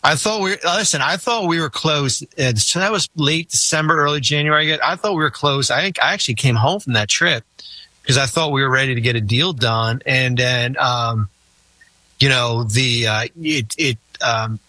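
A man spins a long anecdote in casual podcast chat, circling back and restarting his sentences as he goes. His voice is bright and forward, with a close, dry sound and no room around it. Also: medium pitch, normal speed, no room sound. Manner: rambling, animated, many fillers and restarts. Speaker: former team executive telling stories.

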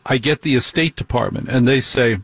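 A man's voice: mid-range voice, a little fast, vocal fry, fairly bright tone, breathy edge, dry recording. A man hosting a show, telling a story in a wry, mock-indignant comic monologue. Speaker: host.

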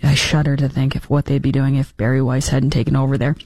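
A woman hosting opinionated political commentary, talking fast and sarcastically and mimicking other people's voices. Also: rumbling low, flat delivery, darkish tone, dry recording.

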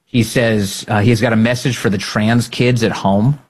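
A man hosting a political podcast, talking in a sarcastic, animated way and often laughing at the clips he plays. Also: fairly low pitch, moderate pace. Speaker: podcast host. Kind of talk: political commentary.

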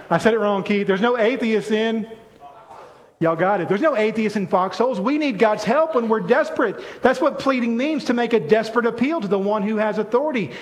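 A man preaching a sermon as pastor, speaking in an animated way and calling on his congregation to respond. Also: sits high.

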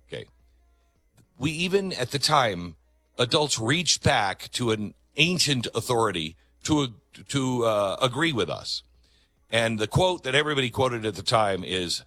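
A man delivering a commentary monologue in a bright, forceful voice that rises and falls a lot. He talks emphatically, in a conversational way, and leans on dramatic pauses. The sound is close and dry. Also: medium pitch, big pitch swings, no room sound. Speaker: talk show host.

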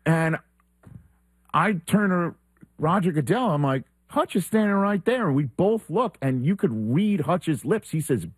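A male sports talk host with a slightly husky voice tells a story in a relaxed, chatty way. He slips into the voices of the people he quotes, and the studio sound is close and dry. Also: fairly high pitch, a little slow, no echo. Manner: animated storyteller who acts out quoted exchanges. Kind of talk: casual anecdote telling.

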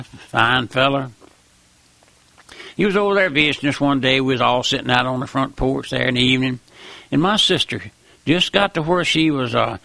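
A man's voice: medium pitch, gravelly, sharp tone, dry recording. A middle-aged man preaching a sermon in a folksy, earnest way, often repeating phrases.

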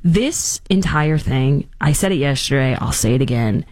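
A woman hosting a talk show, giving opinionated commentary in a sarcastic, animated way and acting out quotes. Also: a bass voice, moderate pace, dry recording, studio quality. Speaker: radio talk show host.

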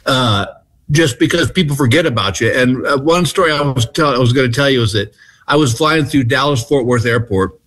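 A middle-aged man from Texas, telling stories as a comedy guest in a relaxed, self-deprecating way. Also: mid-range voice, fairly quick. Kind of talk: casual storytelling.

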